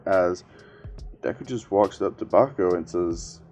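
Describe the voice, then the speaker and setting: Man storyteller, casual rambling narration, low dark voice, faint background music. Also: normal speed. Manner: loose, rambling retelling.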